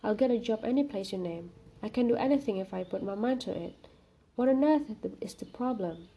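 A woman's voice: medium pitch, expressive, brisk, warm tone, breathy edge, lo-fi sound. A woman voicing an earnest young male student pleading with his girlfriend, read in a storybook reading. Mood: insistent. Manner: pleading, insistent.

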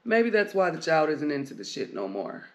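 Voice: mid-range voice, sing-song, normal speed. A blunt, foul-mouthed podcast host rambling through a solo monologue of life advice. Points get hammered home with repeated commands and plenty of swearing. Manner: blunt and heavily profane; rambling, preachy advice-giving.

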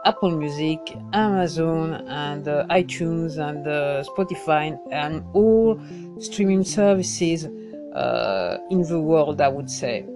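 Slow, hesitant French-accented woman. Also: sits low, animated, over music. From France. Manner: hesitant, many fillers and restarts. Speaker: singer-songwriter. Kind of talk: casual podcast self-introduction.

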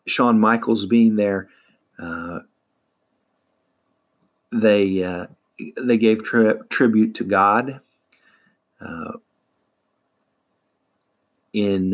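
A man hosting a wrestling recap, talking casually and haltingly with lots of fillers. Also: lowish voice. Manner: halting, many fillers and restarts. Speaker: wrestling podcast host.

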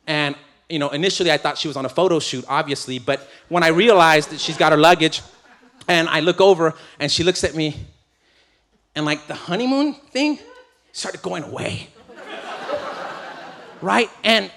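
A man with a slightly high voice preaches through a comic personal story. He is animated and self-mocking, often breaking into laughter as he talks. The delivery is quick, loose storytelling rather than formal preaching.

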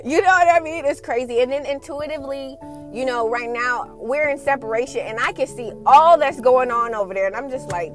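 A woman's voice: high voice, a little fast, faint music behind. A woman hosting a casual spiritual podcast, talking in a blunt, sassy and profane way and laughing often. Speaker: podcast host and twin flame coach.

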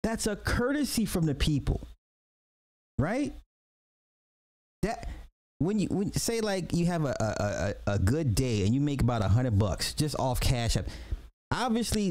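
Animated laughing podcast host, man. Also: medium pitch, unhurried. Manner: animated, laughing, slangy, repeats himself. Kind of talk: casual livestream commentary.

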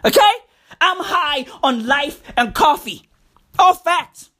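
South African woman, high voice, slow deliberate pacing, profane energetic comic ranter, repeats lines. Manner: hyper-energetic, slangy, profane, repeats phrases. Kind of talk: comedic rant monologue.

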